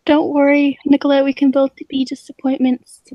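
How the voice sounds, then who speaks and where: A woman co-hosting a podcast in casual chat, sarcastic and animated, laughing often. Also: high voice, normal speed, no room sound, highs cut off. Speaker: podcast co-host.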